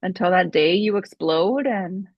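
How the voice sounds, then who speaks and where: A woman's voice: fairly low pitch, unhurried, dry recording, muffled recording. A woman co-hosting a podcast, backing her partner up with supportive replies. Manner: supportive listener, affirming with short replies. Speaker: podcast co-host. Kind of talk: casual podcast chat.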